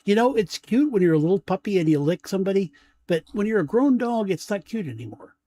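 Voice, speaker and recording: Chatty man with a lively voice. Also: high voice, quick pace, no room sound. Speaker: podcast co-host. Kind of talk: casual chat.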